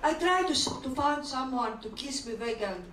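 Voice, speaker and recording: A woman's voice: high voice, lively intonation, normal speed, a bit bright. A woman doing bawdy stand-up comedy in broken on a comedy club stage, laughing at her own jokes. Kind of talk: open-mic stand-up comedy. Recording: echoey club, mic from a distance, hissy.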